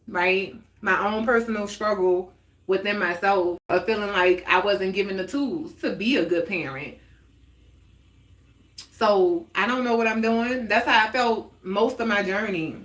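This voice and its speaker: A woman in her forties hosts a relaxed heart-to-heart stream, speaking slowly and openly. She answers her viewers' comments as they come in and laughs easily. Her voice carries an echo from the room around her. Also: medium pitch. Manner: chatty and candid, answers viewer comments aloud, laughs often. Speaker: host of a live talk stream. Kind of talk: casual heart-to-heart chat. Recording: roomy echoey sound.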